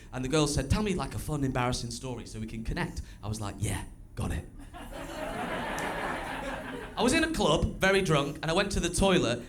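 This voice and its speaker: A young stand-up comedian performs live in a small club, chatting through crude, self-mocking stories on a stage mic. His voice is on the high side. Background noise and music fill the echoey room.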